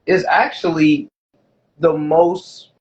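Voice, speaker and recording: A man's voice: fairly high pitch, level tone, takes it slowly, lo-fi sound. A man co-hosting a podcast in casual chat, rambling and often restarting, with "you know what I mean" fillers. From USA. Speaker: podcast co-host.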